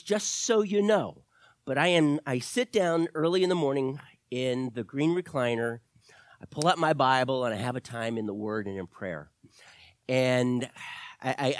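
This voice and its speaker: A male pastor preaches to his congregation in a slightly high voice, telling stories with lively acted-out quotes. The sound is close and dry, with no room echo. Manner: storytelling with animated quoted voices, rising and loud at peaks. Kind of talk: sermon.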